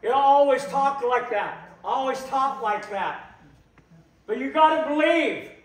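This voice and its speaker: Man, very high voice, unhurried, emphatic repetition, impassioned talk, echoey room, distant mic. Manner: slow, emphatic, repeats phrases for weight.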